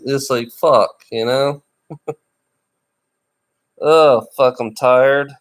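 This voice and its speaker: A tired middle-aged man livestreaming alone, ranting bitterly and swearing, with rough laughs between complaints. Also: mid-range voice, fairly even intonation, extremely slow. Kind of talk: ranting live stream monologue.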